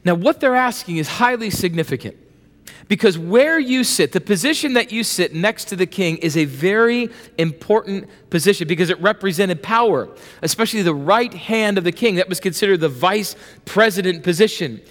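A man preaching a sermon with playful asides, acting out voices and lively emphasis. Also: high-pitched, moderate pace. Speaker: pastor. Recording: long reverb of a large hall.

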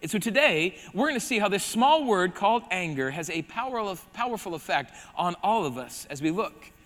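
A man from South Dakota preaching a lively sermon, his high voice ringing bright and sharp. He drops to a hush to press a point, then surges loud again. A long hall reverb trails each phrase. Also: fairly quick. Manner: animated preaching, swinging from hushed emphasis to loud bursts. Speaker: pastor. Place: church hall.

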